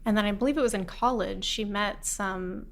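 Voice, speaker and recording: A woman's voice: medium pitch, normal speed, creaky. A woman from Alabama as a podcast guest, talking in a dry, wry, self-deprecating way. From Huntsville, Alabama, USA. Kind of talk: casual interview chat.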